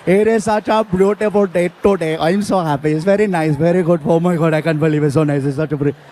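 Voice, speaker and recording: Guy doing a chatty indian hotel clerk, sing-songy, polite, lower voice. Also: steady tone, fast talker, mellow, slight background noise, lightly acted. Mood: cheerful. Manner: sing-song, reassuring, polite.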